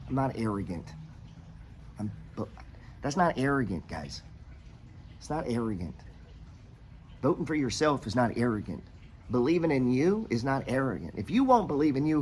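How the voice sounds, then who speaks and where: A man's voice: mid-range voice, slight background noise. A middle-aged American man hosting a podcast, giving money advice in a blunt, profane, rambling motivational rant. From United States.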